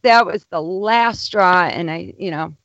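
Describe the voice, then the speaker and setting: A woman's voice: fairly low pitch, unhurried, fairly bright tone, no echo. Woman guest calling in from her car, giggly and hesitant, dull dry audio. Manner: laughing, hesitant, agreeable. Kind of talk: casual chat. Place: inside a car.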